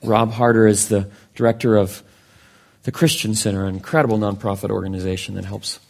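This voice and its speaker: Low gravelly-voiced pastor. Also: male voice, little pitch movement, a little fast. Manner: earnest, warm-hearted praying. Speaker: pastor introducing guest and leading prayer. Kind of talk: church introduction and prayer. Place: church sanctuary.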